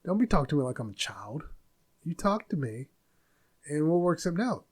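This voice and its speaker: A man's voice: on the high side, very animated, brisk, darkish tone, slightly rough. A man in his forties hosting a podcast, venting bluntly in a casual monologue. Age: 40s. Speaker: podcast host.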